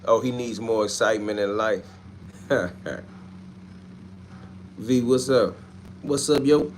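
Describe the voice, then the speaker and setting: A man runs a casual livestream, answering his viewers in loose street slang. He trash-talks in an animated way at a middle pitch. A faint hiss sits under his voice. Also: takes it slowly. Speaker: livestream host. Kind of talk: casual livestream chat reading comments.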